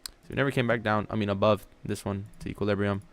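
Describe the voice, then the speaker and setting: A man's voice: lowish voice, steady tone, quick pace. A man hosting a live trading stream, chatting casually, rambling, joking and thinking aloud as he goes. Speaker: livestream trading host.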